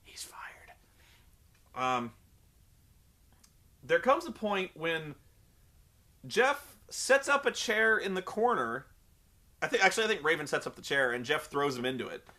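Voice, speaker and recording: A man's voice: fairly high pitch, sing-song, unhurried, long pauses, sharp tone. A young man recapping a wrestling show in a sarcastic, profane, rambling comedic commentary.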